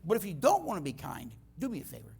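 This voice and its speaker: Creaky and husky, the high-pitched voice of this middle-aged man moves fast as he gives a church teaching talk. As a guest speaker, he tells animated stories and acts out the dialogue.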